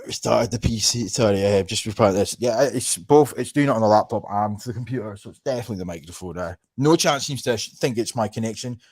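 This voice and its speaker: A man with a Scottish Highland accent hosting a livestream, talking casually in a sweary, sarcastic, rambling way. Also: fast talker, few pauses, a little mellow. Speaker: livestream host. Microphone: computer microphone.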